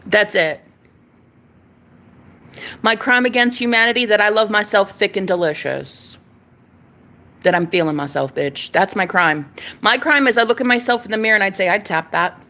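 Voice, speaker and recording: A woman's voice: medium pitch, moderate pace, pauses often, sharp tone. A woman in her thirties ranting in a casual monologue, sassy, emphatic and full of swearing. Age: 30s.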